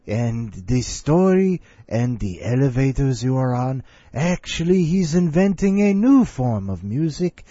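A man's voice: medium pitch, warm tone, breathy edge, no room sound, highs cut off. A man hosting a show, chatting casually and joking about himself between segments. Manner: chatty and self-mocking, breaks into laughter. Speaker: podcast host.

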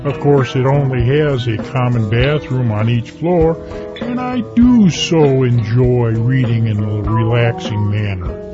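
A man's voice: medium pitch, measured pace, close to an everyday voice. A man voicing a jovial male alien who greets listeners and reads his own short story. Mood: genial. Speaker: podcast contributor reading his story. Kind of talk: performed story reading. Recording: muffled lo-fi with guitar music.

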